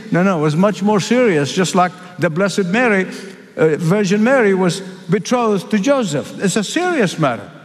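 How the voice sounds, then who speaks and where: Preacher guy from the middle east, high voice, hammers phrases over and over, big echoey hall. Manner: emphatic, repeats key phrases, slows for weight. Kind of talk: sermon. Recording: reverberant hall.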